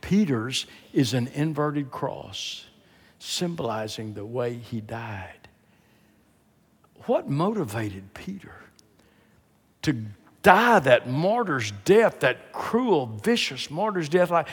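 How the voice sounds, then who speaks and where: A man preaching a sermon on a church stage, dropping to hushed asides and then building to shouted, emphatic climaxes. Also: medium pitch, animated, measured pace, husky, long reverb tail. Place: large church auditorium with stage.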